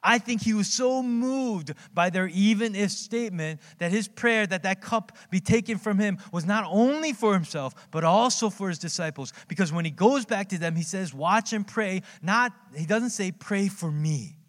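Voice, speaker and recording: A man in his thirties preaching a sermon as pastor, telling stories in a conversational way, with big swings in pitch and frequent tag questions. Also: moderate pace, hardly any pauses, fairly bright tone. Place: church sanctuary. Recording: long hall reverb.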